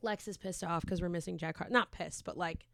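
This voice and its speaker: A woman's voice: lowish voice, brisk, vocal fry, fairly bright tone. Chatty young woman telling a story. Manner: rambling, swears freely, acts out quotes. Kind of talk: casual storytelling chat.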